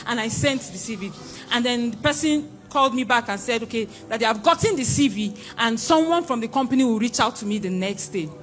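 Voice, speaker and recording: A young Nigerian woman giving an excited church testimony, exclaiming and repeating phrases. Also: a little high, brisk, faint music behind. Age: young adult.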